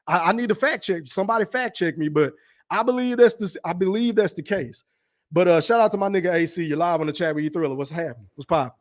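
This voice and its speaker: A young man hosting a live chat stream, talking loosely and with a lot of swearing, reading out comments and shouting out viewers. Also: high-pitched, quick pace. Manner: loose, profane, streetwise, reads chat aloud. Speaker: livestream host. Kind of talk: casual live-chat talk.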